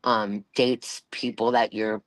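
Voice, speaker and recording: A woman's voice: very deep voice, flat delivery, slow pace, dry recording. A woman hosting a livestream, chatting casually in a rambling way, with many fillers and restarts and a Valley Girl-type voice. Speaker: livestream host.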